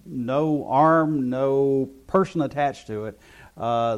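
Man teaching a Bible study, halting. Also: mid-range voice. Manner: explanatory, with frequent hesitant fillers. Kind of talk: classroom teaching.

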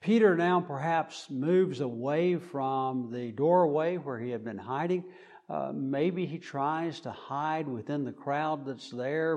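A man preaching a sermon, speaking deliberately with frequent fillers. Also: medium pitch, a little mellow.

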